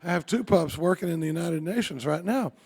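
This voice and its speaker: A man's voice: on the high side, brisk, a little mellow, breathy edge, pitched above the performer's own voice. Man telling a joke as a bragging talking dog. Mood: boastful. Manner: smug, chatty storyteller. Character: boastful worldly male talking dog.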